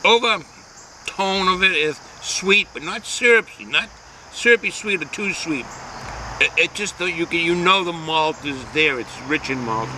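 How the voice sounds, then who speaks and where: Man, casual beer review vlog, folksy rambling delivery, faint background noise, somewhat high pitch. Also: unhurried. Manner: folksy, rambling with many hesitations.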